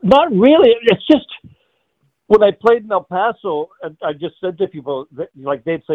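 A guest who once played hockey, now an older man, tells a profanity-laced hockey story in casual fashion, laughing often. His high voice is sing-song and moderately paced, heard on a dry, tinny phone-like line with no room sound.

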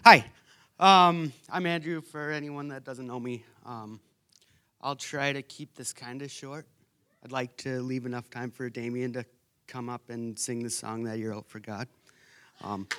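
A young man sharing a church testimony. He is an animated, self-mocking storyteller who uses many filler words. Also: mid-range voice. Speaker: retreat participant sharing testimony.

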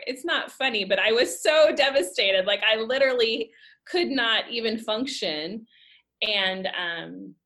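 A woman in her thirties from the United States, telling a personal faith story in a lively, emphatic way with frequent laughter. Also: medium pitch. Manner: animated, laughing often, emphatic. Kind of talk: casual storytelling.

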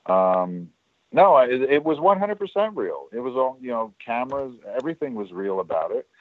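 A former studio worker, appearing as a guest in a casual storytelling interview, rambles about his years there with lots of fillers and restarts. His mid-range voice swings widely in pitch at a moderate pace. The recording is dry and sounds tinny, like a phone line.

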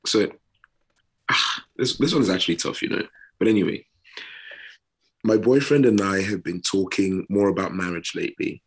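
A British man with a very low, deep voice talks on a casual podcast. He speaks earnestly and unhurriedly, leaning into pauses and repeating words as he builds his point. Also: slightly rough. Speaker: podcast co-host.

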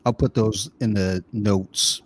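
A man's voice: lowish voice, fairly even intonation, slow, husky. A man hosting a podcast, chatting casually in a laid-back, easygoing way. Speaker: podcast host.

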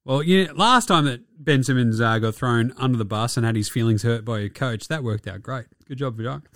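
A man's voice: medium pitch, moderate pace, fairly bright tone, no echo, clean studio sound. A young Australian man giving a casual, profane and mocking recap of basketball games. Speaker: basketball commentator.

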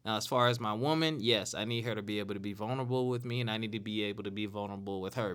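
A man's voice: medium pitch, pushed and bright. A man in his late thirties hosting a casual solo talk show, earnest and repeating phrases for emphasis. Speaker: podcast host.

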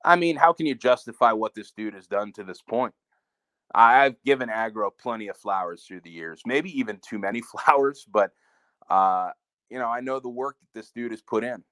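This wrestling promotion co-host has a mid-range, slightly bright voice and talks at normal speed. His podcast chat previewing the show is candid and heated, sometimes profane, recorded with no echo.

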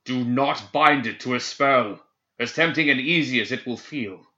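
A man's voice: fairly low pitch, moderate pace, lo-fi sound. A man doing a commanding necromancer mentor. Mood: urgent, stern. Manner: stern, urgent, forceful commands.

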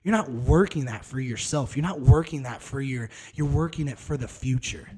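A man's voice: medium pitch, normal speed, dark tone, slightly rough. Candid, cussing podcast man in his thirties. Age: 30s. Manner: candid, rambling, profane casual talk. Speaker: podcast host. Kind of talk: solo podcast monologue.

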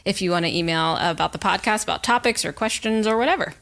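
A woman's voice: mid-range voice, fast, creaky, fairly bright tone. A woman from the US Southeast, speaking as an upbeat, enthusiastic podcast guest in casual chat.

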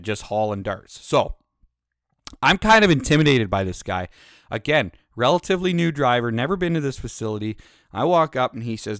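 Man, truck driver, casual storytelling, cusses a lot, smooth voice, dry close sound. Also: mid-range voice, no echo. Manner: profane, rambling storyteller. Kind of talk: casual anecdote.

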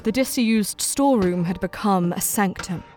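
A woman reading a dark science-fiction short story as scripted narration, measured and somber. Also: mid-range voice, soft background music.

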